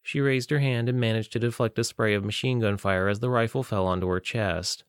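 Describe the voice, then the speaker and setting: Low-voiced male audiobook narrator. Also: fairly even intonation, a little fast, clear, resonant tone, no echo, studio quality. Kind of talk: scripted narration.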